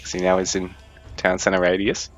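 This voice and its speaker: A young man casts a strategy game in a relaxed, thinking-aloud way. His voice sits a little low and stays mostly even. Faint music plays underneath. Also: a little fast, lo-fi sound. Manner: chatty, thinking aloud, fairly even delivery. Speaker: esports caster. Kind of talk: casual live game commentary.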